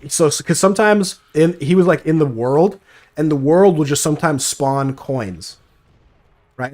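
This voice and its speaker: A young man giving casual gameplay commentary, brash and profane, mocking as he tells stories. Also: fairly high pitch. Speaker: gaming streamer.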